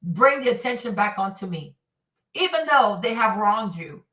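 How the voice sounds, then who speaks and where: A woman hosts casual reaction commentary, speaking directly to her viewers and acting out what the people she's discussing say. Her mid-range voice is fairly bright with lively intonation at normal speed, and the recording is roomy and a bit distant.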